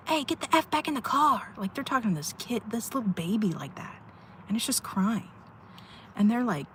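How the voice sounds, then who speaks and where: A woman's voice: mid-range voice, slight background noise. A woman livestreaming from inside her car at a rest stop, venting candidly and rambling with sighs. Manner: rambling, sighing, heartfelt venting. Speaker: live streamer.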